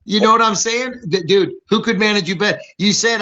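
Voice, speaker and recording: A man hosting a casual podcast chat, excitable and rambling, saying dude a lot. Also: sits high, brisk, hardly any pauses. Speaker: podcast host, comic book publisher. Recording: dull lo-fi audio.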